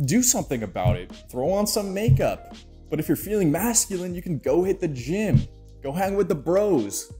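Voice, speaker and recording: A man's voice: fairly high pitch, dark tone. A man narrating his own video essay in a playful, jokey way, with mock-dramatic asides.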